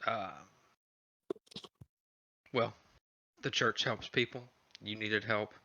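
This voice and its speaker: A man calmly playing a church character in a tabletop game. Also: fairly low pitch, slow pace, muffled recording, a little hiss or hum. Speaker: player.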